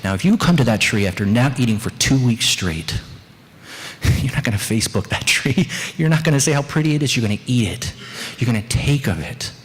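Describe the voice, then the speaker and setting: A man's voice: lively intonation, fairly quick. A man preaching a sermon as pastor of a small church, earnest and candid with joking asides. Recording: long church reverb, faint rumble.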